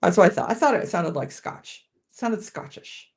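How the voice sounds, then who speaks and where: A woman's voice: lowish voice, expressive, moderate pace, creaky, darkish tone, slightly rough. A woman hosting a casual live-stream whiskey tasting, chatting with viewers and often restarting her sentences.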